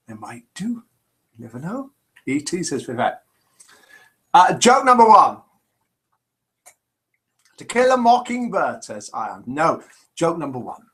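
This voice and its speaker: A man's voice: a little high, fairly bright tone. A middle-aged man hosting a casual live chat show, reading out viewer comments and joking with them. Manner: chatty, jokey, reads out viewer comments and answers them.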